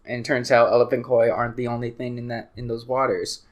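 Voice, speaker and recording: A young man hosts a podcast in a casual chat, joking around and laughing often. His voice is medium-pitched and steady, and he talks fast.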